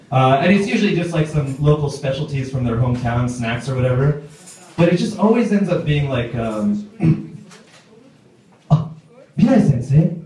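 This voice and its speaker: A man's voice: medium pitch, a little mellow. A man doing a stand-up set in a small pub, chatty and hesitant with fillers. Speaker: stand-up comedian. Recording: echoey pub room, mic far off.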